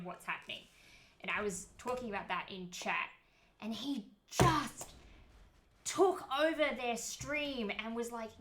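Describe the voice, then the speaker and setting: A woman streamer talking straight to her chat in a bright, clear voice, blunt and unfiltered, with swearing dropped in freely. Her voice sits at an ordinary middle pitch. The room around her gives it a noticeable echo. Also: a little hiss or hum. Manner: candid and heated, swears freely. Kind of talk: casual livestream chat. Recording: roomy echo.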